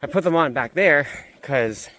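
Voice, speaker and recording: A young man vlogging as he hikes up a mountain trail. He is out of breath and chatty, and he repeats himself when something excites him. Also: fairly high pitch, normal speed. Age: young adult. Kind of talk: casual hiking vlog.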